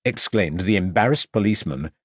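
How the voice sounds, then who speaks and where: A man narrating a crime novel as an audiobook, in a measured storytelling manner. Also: sits low, expressive, breathy edge, no echo, studio quality. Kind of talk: scripted narration.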